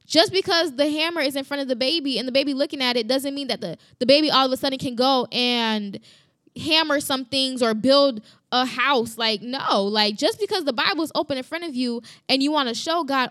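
This is a Christian podcast host, a woman, giving a casual sermon into a studio mic with emphasis, repeating phrases and posing rhetorical questions. Her voice is high-pitched, slightly fast and a bit bright, and the recording is dry and studio quality.

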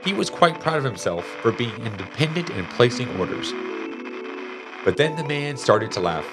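A man reading a children's storybook aloud in an expressive, animated way. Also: medium pitch, normal speed, music in the background. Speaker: narrator.

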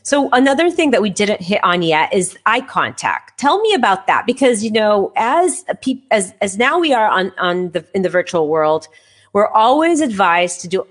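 A woman hosting a casual video interview, enthusiastic and talking in quick bursts with restarts. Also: medium pitch, fairly bright tone. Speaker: host.

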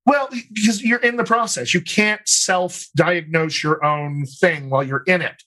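A man who works as a dialect coach and actor, answering interview questions in a thoughtful, explanatory way, often pausing on "you know" and restarting phrases. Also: fairly high pitch, pushed and bright.

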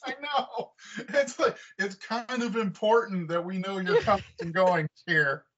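A man's voice: sits high, a bit bright. Forties guy on a podcast, kinda awkward, stumbles over words, chuckles, muffled call audio. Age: 40s. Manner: halting, self-deprecating, repeats words and chuckles. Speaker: guest comic artist. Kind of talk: casual interview chat. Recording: dull lo-fi remote call audio.

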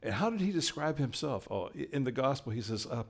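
An older male pastor preaching a sermon, telling a story and acting out the quoted lines with lively, animated delivery. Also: mid-range voice, a little fast, vocal fry.

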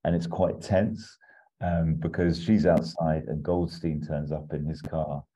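A man's rumbling low voice barely moves in pitch, sounding unhurried, dark and slightly rough. As a podcast host in casual chat, he rambles through an imagined film plot with lots of ums and asides, on dull, muffled audio.

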